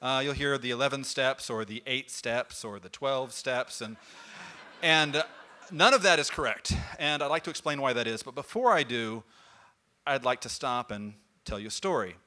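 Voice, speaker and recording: A man giving a comic storytelling talk, in an animated and playful way. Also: mid-range voice, moderate pace. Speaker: speaker at a nerd talk night.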